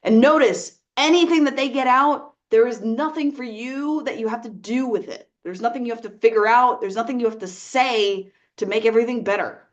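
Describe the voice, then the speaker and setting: A woman working as a life coach, giving earnest, gentle advice straight to the viewer and often checking in with "right?". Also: on the high side, moderate pace, hardly any pauses, lo-fi sound. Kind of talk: advice talk to camera.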